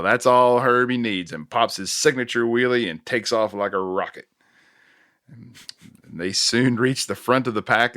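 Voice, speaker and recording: Low-voiced man recapping a film, dry sound. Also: fairly bright tone, dry recording. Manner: recounts scenes with chuckles and self-corrections. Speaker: podcast host recapping a film. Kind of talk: casual plot recap chat.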